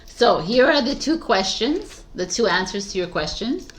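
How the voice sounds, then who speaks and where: A woman's voice: mid-range voice, big pitch swings, normal speed, slight background noise. A woman giving a casual tarot reading, eager and emphatic, repeating words for stress and swearing offhandedly. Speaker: tarot reader.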